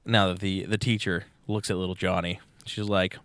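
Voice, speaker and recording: A man's voice: low voice, flat delivery, normal speed, few pauses, a bit bright, clean tone, dry recording. A young man co-hosting a podcast, telling a long crude joke casually, swearing often and acting out the characters. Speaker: podcast co-host.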